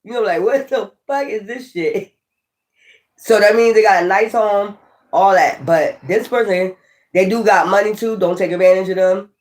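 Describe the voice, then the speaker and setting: A tarot reader with a mid-range voice gives a casual reading, laughing often and swearing freely. She acts out imagined people in quick asides.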